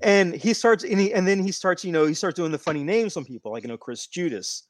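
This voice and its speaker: A man's voice: high-pitched, lively intonation, fast talker. A man co-hosting a casual podcast, telling a long rambling story with many restarts. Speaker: podcast co-host. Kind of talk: casual wrestling podcast chat.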